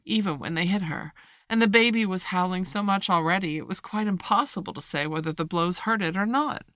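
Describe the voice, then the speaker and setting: A woman narrating a children's classic in an even, measured audiobook reading. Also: fairly low pitch, dry recording, studio quality.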